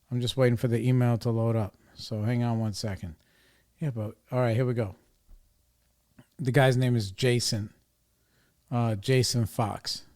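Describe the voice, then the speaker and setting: Profane, exasperated middle-aged man ranting. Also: mid-range voice. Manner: profane, exasperated, rambling storytelling. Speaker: podcast host. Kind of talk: casual recovery podcast rant.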